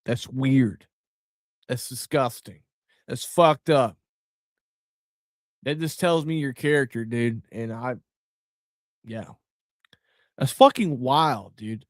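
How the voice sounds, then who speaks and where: A man's voice: medium pitch, takes it slowly, long pauses, dry recording, studio quality. A middle-aged man hosting a podcast, giving blunt, profane, heated commentary. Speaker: podcast host.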